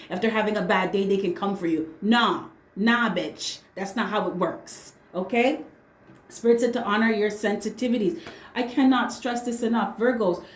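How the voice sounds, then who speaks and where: A woman's voice: medium pitch, a little mellow. A woman giving a casual tarot reading, blunt and slangy, swearing freely and hammering her points home with "right?" and "okay?". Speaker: tarot reader. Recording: roomy echo.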